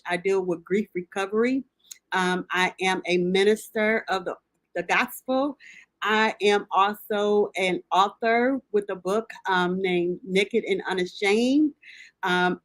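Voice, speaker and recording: A middle-aged woman, hosting a grief recovery podcast. She speaks in a heartfelt, halting way, with many pauses and restarts, and sounds close to tears at times. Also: mid-range voice, no room sound. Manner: halting, with frequent ums and restarts; emotional, near tears at times. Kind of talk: heartfelt personal address.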